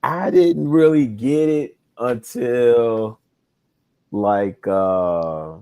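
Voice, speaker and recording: A man's voice: medium pitch, very slow, dark tone, smooth. A middle-aged man with a Chicago accent, talking in a rambling, laid-back way on a podcast and trailing into fillers. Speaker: podcast co-host. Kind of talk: casual chat.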